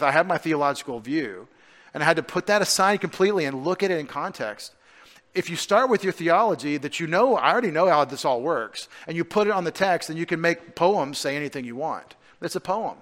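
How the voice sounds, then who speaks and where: A male pastor giving a conversational sermon, full of rhetorical questions and restarts, swinging between emphatic points and quiet asides. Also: fairly high pitch. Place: church.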